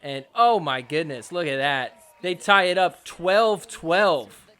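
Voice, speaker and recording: A young man hosting a podcast, recapping match footage in a joking, excitable way with mock outrage. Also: fairly high pitch, slow, clear, resonant tone. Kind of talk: casual sports recap commentary.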